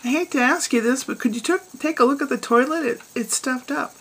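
A woman's voice: high voice, a little fast, a bit bright, breathy edge, pitched above the performer's own voice. Woman doing a timid, pleading housewife. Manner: hesitant, pleading requests. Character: timid, put-upon housewife.

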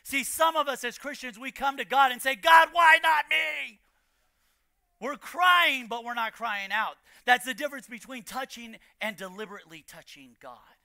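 A man preaching a sermon as pastor, building to shouted emphasis and repeating key lines. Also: very high-pitched, normal speed, few pauses, no echo, studio quality. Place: church.

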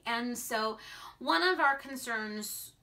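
A woman's voice: on the high side, slow pace, pushed and bright. An American woman vlogging in a bubbly, chatty way, full of filler words. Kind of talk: casual chat to camera.

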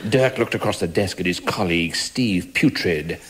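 A man narrating a spoof thriller in a 1980s radio comedy sketch, in a pompous, self-flattering manner, on an old noisy broadcast recording. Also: deep voice, moderate pace.

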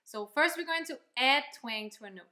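Speaking briskly in a high, bright, pushed voice with lively intonation, a woman gives an encouraging, step-by-step vocal lesson with demonstrations. The setting is noisy, not a quiet studio.

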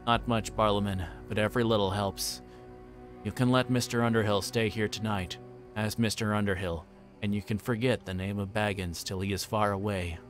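A man doing a grim, low-voiced ranger. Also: steady tone, soft background music, close to an everyday voice. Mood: stern. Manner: low, quiet and measured. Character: grim weathered male ranger, quiet and stern.

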